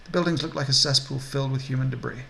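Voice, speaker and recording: Gravelly male let's play host reading text, mid pitch, faint hiss. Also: quick pace, bright, forceful tone, low-quality recording. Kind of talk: reading game text aloud.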